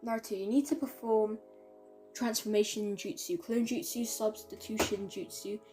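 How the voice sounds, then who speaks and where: A woman voicing a calm male academy teacher who lists tasks matter-of-factly. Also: medium pitch, moderate pace, faint music behind, natural voice. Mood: instructing. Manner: listing instructions matter-of-factly.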